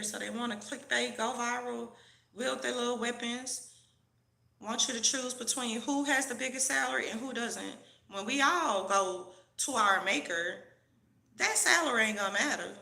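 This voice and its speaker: A woman rants to her camera in a heated, profane, sermon-like way. Her voice is gravelly and sharp, pitched a little high, and it bounces around an echoey room. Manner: profane, preachy, heated rant. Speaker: vlogger. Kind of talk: ranting commentary to camera.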